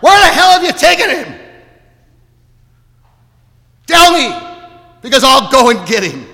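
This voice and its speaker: A man puts on a grieving woman disciple crying out in fury, shouting high and strained. The voice is bright and cutting and carries a long church reverb. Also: sing-song, a little slow, vocal fry, exaggerated voice. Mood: enraged.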